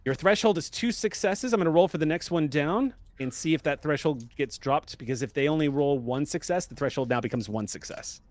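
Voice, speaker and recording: A man's voice: fairly high pitch, brisk, hardly any pauses, dry recording. A man narrating and explaining rules as game master of a tabletop horror game.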